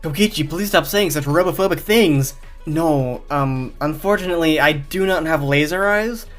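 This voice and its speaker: A man's voice: a little high, moderate pace, a bit bright, faint music behind, natural voice. A man doing a polite, earnest robot boy. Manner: formal, earnest.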